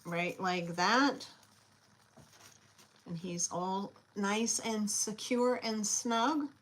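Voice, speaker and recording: A woman hosting a live online sale, chatty and scattered, often pausing with fillers as she shows each item. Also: medium pitch, a bit bright, rough recording. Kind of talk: casual live selling chat.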